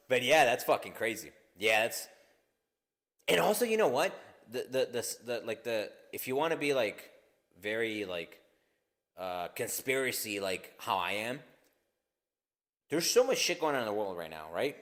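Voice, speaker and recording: A man of middle pitch co-hosts a casual podcast chat. He rambles and swears freely, and he tells his stories with loud, animated bursts and frequent laughter. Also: moderate pace, pauses often. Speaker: podcast co-host.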